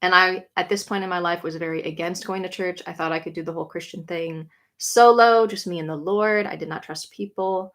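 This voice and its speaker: A young woman chatting casually on a livestream, answering comments with lots of "like" and quick, bright greetings. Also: on the low side, steady tone. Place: home room.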